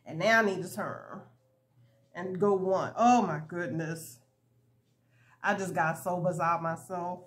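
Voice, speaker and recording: Her fairly low voice moves unhurriedly, with long pauses, as this woman crochets at home and chats in her video. She's giggly and chatty, laughing often through animated stories, over soft lo-fi hip-hop music.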